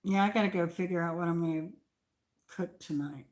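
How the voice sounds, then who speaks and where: An older woman with a mild Southern American accent, chatting casually as a channel host on a garden tour, rambling with pauses. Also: on the low side, a little mellow. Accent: Southern American mix.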